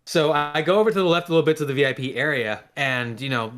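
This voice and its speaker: A man co-hosting a podcast, telling a story in a lively way and acting out the people in it. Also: on the high side, quick pace. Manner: animated, acts out quoted voices. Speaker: podcast co-host. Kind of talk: casual storytelling chat.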